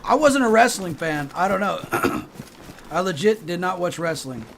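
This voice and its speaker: A man's voice: high voice, sing-song, normal speed, gravelly, fairly bright tone, a little hiss or hum. A middle-aged man streaming a survival game on a headset, rambling and swearing while joking around. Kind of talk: casual gaming commentary.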